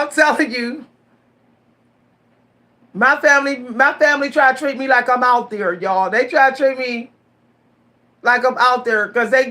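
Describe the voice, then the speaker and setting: A woman in her forties telling stories straight to her viewers in a casual vlog, animated, repeating her words and laughing often. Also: high-pitched. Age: 40s. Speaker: vlogger.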